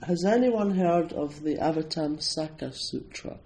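A man's voice: a little high, unhurried, a little mellow, low-quality recording. A Scottish man, a Zen priest and meditation teacher, giving an informal talk to an audience in a chatty, self-deprecating way, with plenty of ums and you-knows. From Scotland.

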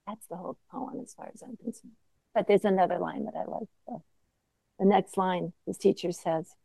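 A woman teaching as a Zen teacher in a reflective dharma talk, mostly soft-spoken with sudden emphatic bursts. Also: mid-range voice, normal speed, gravelly, pauses often, no echo, poor audio.

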